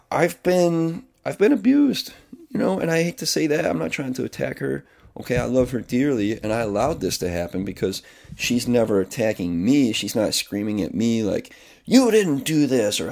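A man's voice: medium pitch, creaky, darkish tone. A man who works as a kindergarten teacher, talking candidly in a rambling personal monologue, often restarting his sentences and swearing casually. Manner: rambling and confessional, with frequent restarts.

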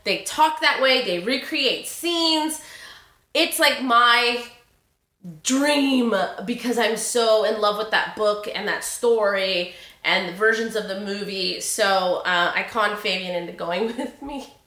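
Host: bright, lively young woman, chatty storyteller, says y'all, roomy echo. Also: medium pitch, slow pace. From Sacramento area, California. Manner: animated, acts out quotes, says y'all, laughs often. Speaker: podcast host.

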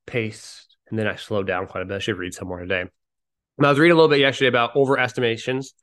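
Male solo podcast host, mid-pitched, casual and rambling, pokes fun at himself, cheerful. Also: fairly even intonation, quick pace, fairly bright tone. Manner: rambling, self-deprecating, upbeat.

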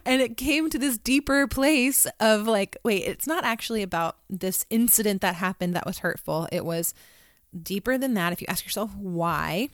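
A woman's voice: medium pitch, expressive, normal speed, no echo, studio quality. A woman in her thirties, a mother, talking earnestly and reflectively in a conversational way, with many ums and restarts. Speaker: mother telling a family story. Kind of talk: reflective personal talk.

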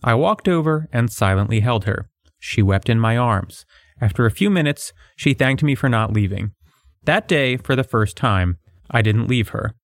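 Man, podcast co-host, sarcastic, mocking, mid pitch, dry close sound. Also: lively intonation, moderate pace, no room sound. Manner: sarcastic, mocking, laughs often. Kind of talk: reading a book aloud and casual chat.

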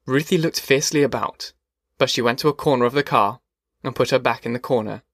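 A man reading a novel aloud as an audiobook narrator, measured and steady. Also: medium pitch, no echo, studio quality.

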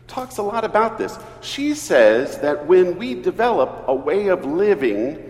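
A man, an Episcopal priest, preaching a sermon in an earnest, measured way. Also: sits high. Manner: slow, earnest preaching with lively emphasis. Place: church. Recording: echoey church hall, distant mic.

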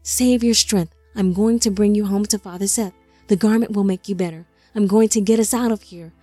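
A hushed, tender old patriarch in an audiobook, grieving and gentle, as a woman reads him. The voice is mellow and dark, close and dry, with faint music under it. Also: medium pitch, steady tone, moderate pace, breathy edge, no room sound, lightly acted. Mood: tender grief.

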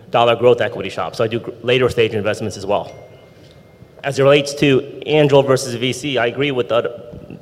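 A man speaking as an entrepreneur and investor on a panel discussion, in a businesslike way. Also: medium pitch. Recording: long hall reverb.

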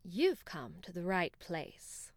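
A calm, kindly old owl, as a woman puts it on in a children's storybook. It speaks slowly in a soft, hushed voice. The sound is close and dry. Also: lowish voice, dry recording, pitched below the performer's own voice, exaggerated voice. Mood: wise. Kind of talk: storybook character voice.

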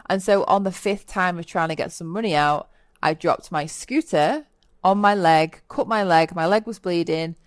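A woman hosting a solo self-help podcast, talking earnestly and motivationally and acting out quoted moments with lively voices. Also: fairly low pitch, no echo, studio quality. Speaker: podcast host. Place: lives in Bali.

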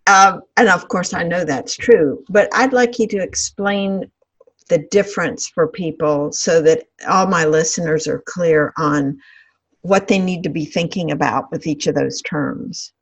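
A woman with a fairly low voice hosts a podcast interview. She is encouraging and measured as she sets up questions for her guest. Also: breathy edge. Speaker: podcast host.

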